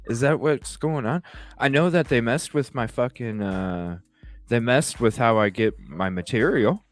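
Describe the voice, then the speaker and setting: A man's voice: medium pitch, expressive, measured pace, faint music behind. A man hosting a live call-in talk stream, chatting casually with viewers, rambling, swearing freely and laughing often.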